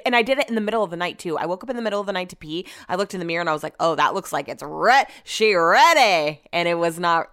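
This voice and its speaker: A woman's voice: on the low side, fairly bright tone, clear, resonant tone. A woman with a Californian accent telling a story in a casual vlog, rambling and swearing often, still shaken and upset. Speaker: vlogger.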